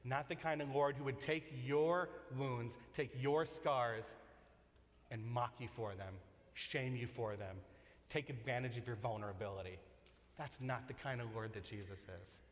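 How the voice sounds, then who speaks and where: A man giving a sermon as a pastor, talking in a conversational way that moves from lively emphasis to soft, slow, intimate passages. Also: mid-range voice. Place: church sanctuary. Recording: church sanctuary with long reverb.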